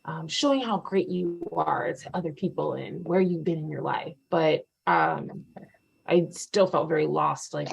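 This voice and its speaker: A young adult woman giving a candid personal testimony, with many fillers and animated retellings. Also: low-pitched, creaky. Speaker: testimonial speaker.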